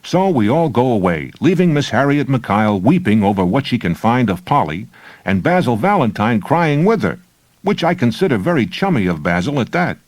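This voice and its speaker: Wry deadpan male narrator, lively inflection, dry close studio read. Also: medium pitch, normal speed, no echo. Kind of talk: audiobook reading of a short story.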